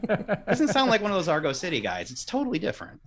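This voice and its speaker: A man's voice: sits high, quick pace, a little hiss or hum. A man on a casual pop-culture podcast, making dry jokes and joining in the banter. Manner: dry, joking, animated. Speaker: podcast panelist.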